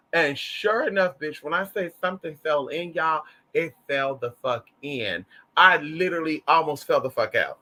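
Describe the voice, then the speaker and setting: Campy, bright-voiced man chatting on a livestream. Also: a little high. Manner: animated, campy, profane, calls listeners y'all and honey. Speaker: livestream host reading chat. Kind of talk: casual livestream chat and storytelling.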